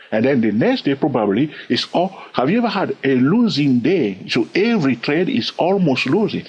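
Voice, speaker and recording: A man's voice: medium pitch, sing-song, normal speed, few pauses, slight background noise. A man with a non-native English accent teaching day trading in an informal talk, repeating himself and checking in with "all right?". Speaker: trading educator. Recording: dull lo-fi recording.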